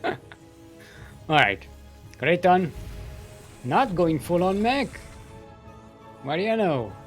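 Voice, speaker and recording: A man's voice: sits high, sing-song, extremely slow, faint music behind. A man casting a live strategy game tournament, giving running commentary in a goofy, playful way and laughing at his own jokes. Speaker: esports caster.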